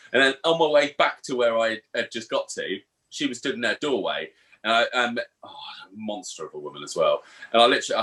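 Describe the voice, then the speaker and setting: A man, co-hosting a casual podcast and telling stories in a sweary, animated way. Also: medium pitch. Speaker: podcast co-host. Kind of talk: casual chat.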